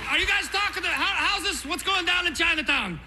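A man's voice: extremely high pitch, fairly quick, pitched above the performer's own voice. A man voicing a goofy stand-up comedian character with a put-on French accent, telling corny one-liners on a talent show stage. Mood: hammy. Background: loud show music.

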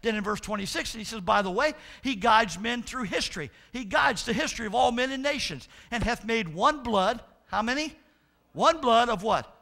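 Preacher guy, really high voice, gravelly, fired up and repeats himself a lot. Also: normal speed. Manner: animated, emphatic, repetitive preaching. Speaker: pastor. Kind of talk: sermon.

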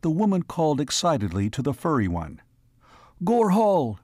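A man narrating a classic science fiction audiobook in a measured storytelling voice. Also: medium pitch, sing-song, dry recording, studio quality. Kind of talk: scripted narration.

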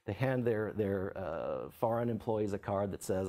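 A man giving an academic book talk as lecturer, halting with many fillers and restarts. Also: lowish voice, lively intonation, mellow. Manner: reads quotes aloud with lifted voice. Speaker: author and lecturer.

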